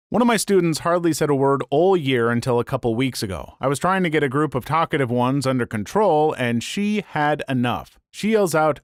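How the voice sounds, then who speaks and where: A man narrating online stories in a scripted, lively and comic way. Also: on the high side, normal speed, hardly any pauses, no echo, clean studio sound. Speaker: story narrator.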